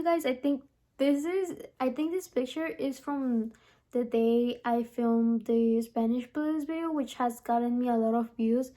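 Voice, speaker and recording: A young woman chatting to the camera in a relaxed vlog, rambling and filling her talk with "like" and "honestly". Her voice is fairly high but soft and mellow. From from abroad, lives in the US. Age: young adult. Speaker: vlogger. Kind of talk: casual vlog chat to camera.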